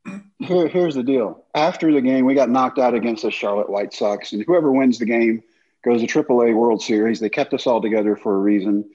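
Man in his fifties, husky, mellow, animated storyteller, slightly dull video-call audio. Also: mid-range voice, brisk. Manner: animated anecdotes with acted-out quotes. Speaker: guest, former baseball pitcher. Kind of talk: storytelling in casual chat.

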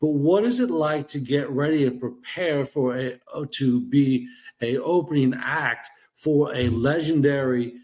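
A man's voice: mid-range voice, unhurried, a little mellow. A man hosting a sports radio show, asking his guest questions in a rambling, repetitive way. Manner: rambling, repeats words when starting a thought. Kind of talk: casual radio chat.

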